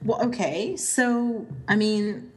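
A woman co-hosts a podcast in lively, casual chat, pressing her points with emphasis and laughing often. Her voice sits at an ordinary middle pitch for a woman. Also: slow. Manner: animated, laughing often, emphatic when arguing. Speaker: podcast co-host.

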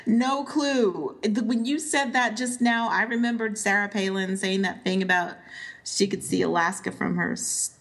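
A woman co-hosts a podcast in lively, casual chat, pressing her points with emphasis and laughing often. Her voice sits at an ordinary middle pitch for a woman. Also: moderate pace. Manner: animated, laughing often, emphatic when arguing. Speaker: podcast co-host.

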